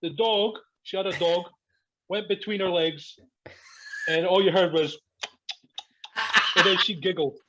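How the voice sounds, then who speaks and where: A man's voice: sits high, steady tone, measured pace, long pauses, fairly bright tone. A man, a podcast guest telling a story in casual chat, swearing a lot, laughing and acting out what people said. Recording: dull lo-fi podcast audio.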